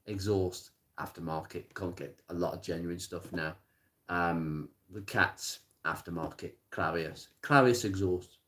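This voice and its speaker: A man chatting casually on a live stream about car parts, plain-spoken and rambling, with many pauses and restarts. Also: low voice. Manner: rattles off blunt practical advice. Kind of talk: casual live-stream chat answering viewer comments. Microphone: smartphone.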